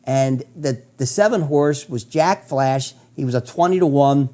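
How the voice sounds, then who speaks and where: A man's voice: mid-range voice, measured pace, dark tone. A man in a radio interview, telling a personal story with enthusiastic, stammering restarts. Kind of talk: storytelling in conversation.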